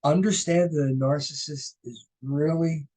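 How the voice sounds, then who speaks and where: A man's voice: a little high, steady tone, unhurried, mellow. A middle-aged man giving a recorded college lecture, conversational and anecdotal, often tossing in "right?" and "you know".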